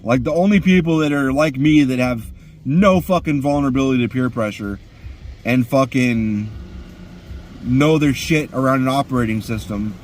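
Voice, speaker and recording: A man's voice: medium pitch, moderate pace, faint music behind. A man ranting crudely and profanely while sitting in his car. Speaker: vlogger.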